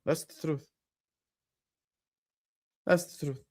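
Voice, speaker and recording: A man's voice: fairly high pitch, steady tone, slow pace. A man hosting a livestream about football, arguing his points emphatically with rhetorical questions. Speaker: streamer and football pundit.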